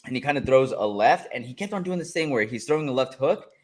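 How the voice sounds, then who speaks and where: A man co-hosting a casual fight reaction show, relaxed and often laughing as he walks through the action. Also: medium pitch. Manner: relaxed, laughing, drawn-out play-by-play. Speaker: co-host.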